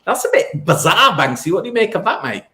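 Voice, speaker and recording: A man's voice: sits high, big pitch swings, fast talker, sharp tone. A man hosting a casual podcast, rambling with frequent ums and wry asides. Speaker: podcast host.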